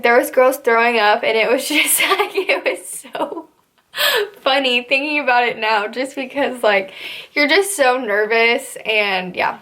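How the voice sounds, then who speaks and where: Chatty young woman, high voice. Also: a bit bright. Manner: chatty, rambling, heavy use of "like". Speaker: vlogger recounting basic training. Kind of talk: casual storytelling vlog.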